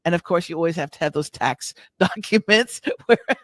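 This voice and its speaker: A middle-aged woman with an American accent, speaking in a fairly low voice for a woman. She talks warmly but haltingly, restarting her sentences as she chats in an interview. The sound is dry and close. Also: expressive, dry recording. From United States. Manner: warm, halting, with many restarts and fillers. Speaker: guest business coach. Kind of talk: casual interview chat.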